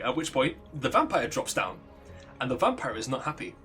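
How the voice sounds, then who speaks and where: A man's voice: mid-range voice, sing-song, a little fast, fairly bright tone, faint music behind. A man, a let's play streamer, casually telling a rambling, profane story while gaming and laughing at his own jokes.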